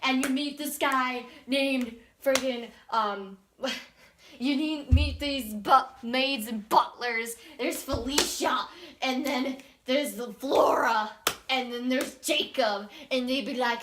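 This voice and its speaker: Woman, high voice, casual rambling game recap, acts out quoted lines, clear background noise. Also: a little slow. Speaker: gaming channel host.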